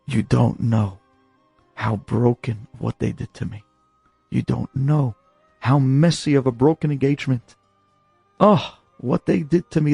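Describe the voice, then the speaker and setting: A man voicing a young wife who is wounded and speaks quietly but insistently. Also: on the high side, slightly rough, dry recording, heavily acted. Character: young wounded woman, stubborn then yielding.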